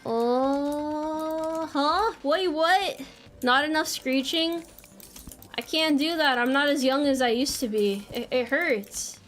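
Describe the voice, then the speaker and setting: High-voiced playful American woman streamer. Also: measured pace, fairly bright tone, faint music behind. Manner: playful, self-mocking, reads chat messages aloud. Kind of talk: casual live-stream chat while gaming.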